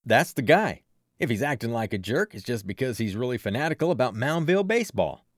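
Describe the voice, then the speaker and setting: A man doing an excitable, chatty baseball fan. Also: medium pitch, a little fast, no echo, studio quality, lightly acted. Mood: reassuring. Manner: excited, talkative. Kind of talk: audiobook character voice.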